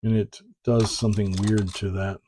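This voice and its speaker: This print collector vlogger has a lowish, mellow voice with a level tone and moderate pace, plus a little hiss or hum in the recording. He opens packages and talks loosely about prints, wandering off track, correcting himself, and filling gaps with ums.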